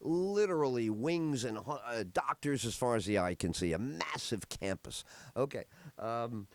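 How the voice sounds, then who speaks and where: A man's voice: mid-range voice, animated, moderate pace, no room sound. A middle-aged man hosting a podcast, telling rambling stories in a casual chat with many fillers. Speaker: podcast host.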